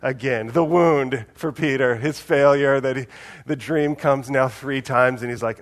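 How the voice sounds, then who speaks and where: A man giving a conversational sermon, casual and animated, with big swings in loudness and a soft, low voice when he quotes someone. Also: measured pace. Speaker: preacher.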